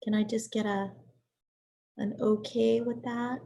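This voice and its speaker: A middle-aged woman, hoarse and raspy from illness, giving a college writing lecture over a video call. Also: on the high side, flat delivery, measured pace, mellow. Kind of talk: online class lecture. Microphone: computer mic on a video call.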